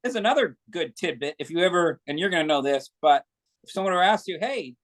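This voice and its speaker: A man's voice: a little high, lively intonation, fast, a bit bright. A man, a guest actor, chatting casually in an interview and telling long anecdotes.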